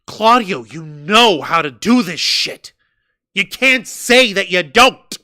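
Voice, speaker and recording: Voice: mid-range voice, expressive, slow, bright, forceful tone. A wrestling review co-host ranting heatedly and emphatically, swearing constantly. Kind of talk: heated podcast rant.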